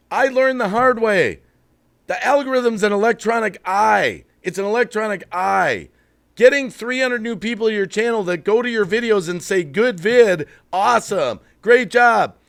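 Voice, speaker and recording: A man hosts a live stream and rants bluntly about channel growth. His voice sits high and jumps all over the place as he gets worked up. Now and then he drops into sheepish apologies. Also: lively intonation, normal speed, gravelly, a bit bright. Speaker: livestream host. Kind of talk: live-stream rant to chat.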